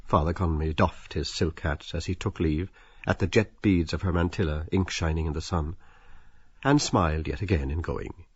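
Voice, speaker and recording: A man narrating a novel as an audiobook, expressive and slipping into the characters' inner voices. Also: sits low, normal speed, husky, highs cut off.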